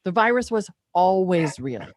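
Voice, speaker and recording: A woman's voice: lowish voice, big pitch swings, measured pace, no room sound. Earnest woman co-host, dry close sound. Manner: earnest, emphatic, repeats key points. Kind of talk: casual news chat.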